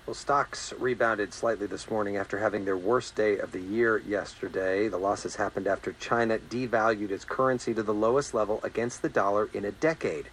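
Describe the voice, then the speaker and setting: A man's voice: lowish voice, fairly even intonation, brisk, few pauses, fairly bright tone, a little hiss or hum. A man anchoring the news, reading out a scripted introduction and asking questions. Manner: scripted newsreader delivery. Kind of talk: news presenting.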